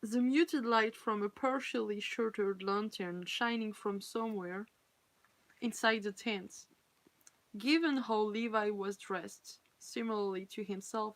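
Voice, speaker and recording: A woman with a French accent and French as her first language, reading fan fiction aloud on a live stream and pausing to chat and laugh at her slips. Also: medium pitch, no room sound, poor audio.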